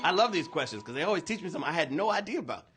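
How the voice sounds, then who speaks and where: A man hosting a live trivia game show, energetic and playful, talking slangy to the players. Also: on the high side, racing, over loud music. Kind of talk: hyped livestream hosting.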